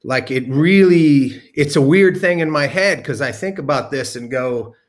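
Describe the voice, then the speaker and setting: A man's voice: fairly high pitch, unhurried. A man telling a long personal story in a casual, rambling way, with many ums, asides and the odd swear word. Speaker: storyteller guest.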